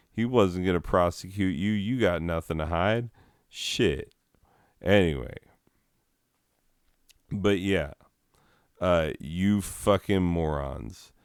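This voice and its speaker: Low slow profane ranting man. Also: a little mellow, clear, resonant tone, dry recording, studio quality. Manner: crude, sarcastic, heavy swearing. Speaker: comedian ranting. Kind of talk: profane comedic rant.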